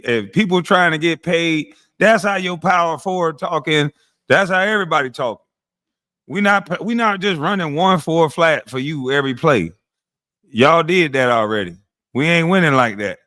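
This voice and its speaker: A man's voice: on the high side, pushed and bright, no echo, clean studio sound. A man in his forties trash-talking and bragging over old game footage, boastful, often laughing and calling people "boy". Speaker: former basketball player reacting to game clips. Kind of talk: profane trash-talk commentary over video.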